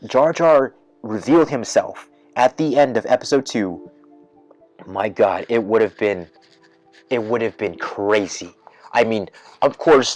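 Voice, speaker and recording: A man with a lowish voice holds forth on his podcast in a loose, rambling rant. He circles back over his points with plenty of fillers and false starts. His energy climbs and his voice gets louder whenever an idea takes hold. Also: dry recording. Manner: rambling, heavy with fillers and restarts; grows excited and loud when imagining twists. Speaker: podcast host. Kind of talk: casual rant.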